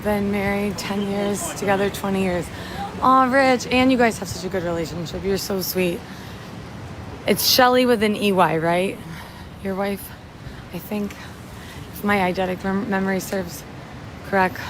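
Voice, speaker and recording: A woman's voice: medium pitch, fairly even intonation, moderate pace, pauses often. A woman in her twenties from upstate New York, chatting casually on a walking livestream and thanking viewers as she goes. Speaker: livestream host. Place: city street at night, outdoors in rain. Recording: street noise under the voice.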